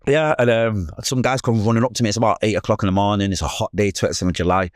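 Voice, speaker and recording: A middle-aged man with a Mancunian accent rattles through a personal story at speed, slipping into the voices of people he quotes. His voice sits a little low, recorded close and dry with no room sound. He talks in quick, loose street slang. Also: fairly even intonation, dry recording. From England. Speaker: podcast guest. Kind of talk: emotional storytelling.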